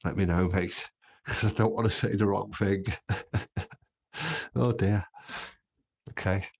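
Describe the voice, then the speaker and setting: A man's voice: on the low side, steady tone, slow, gravelly, husky. A man from Birkenhead with a Scouse accent, hosting a casual livestream and chatting through comments with easy laughs. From Birkenhead, England. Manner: chatty, laughs easily, frequent restarts. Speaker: livestream host. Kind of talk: casual live chat reading comments.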